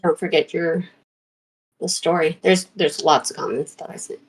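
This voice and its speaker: A woman's voice: on the low side, fairly even intonation, moderate pace, husky, poor audio. A woman speaking up from off to the side, giving the host a casual reminder.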